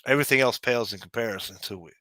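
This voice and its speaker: A man's voice: medium pitch, very fast, sharp tone, no echo. A man in casual chat, rambling with lots of "you know" and restarts.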